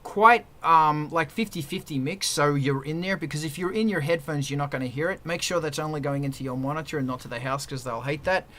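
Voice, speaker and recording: Aussie guy hosting a stream, bright forceful voice, jokey and sweary. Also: fairly high pitch, a little fast, few pauses. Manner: joking, crude, loud swings in volume. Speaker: livestream host. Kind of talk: casual chat.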